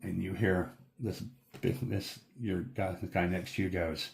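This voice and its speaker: Deep-voiced guy running a tabletop game, slow, lots of ums while describing stuff. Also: level tone, creaky. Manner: unhurried and descriptive, with many fillers. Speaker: game master.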